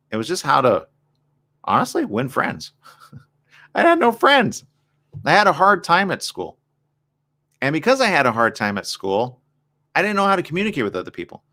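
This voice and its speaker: A morning show host delivers a candid, reflective personal monologue, frequently posing rhetorical questions. His voice is medium in pitch with a sharp tone.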